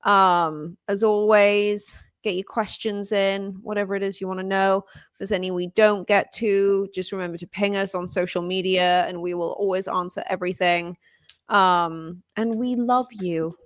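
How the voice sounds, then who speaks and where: A woman from Wales with a softened Welsh accent, co-hosting a casual livestream chat over a video call in a bubbly, gushing way. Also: mid-range voice, fairly even intonation, moderate pace, dry recording. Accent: softened Welsh, leaning British. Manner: bubbly, gushing, laughs often. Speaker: co-host.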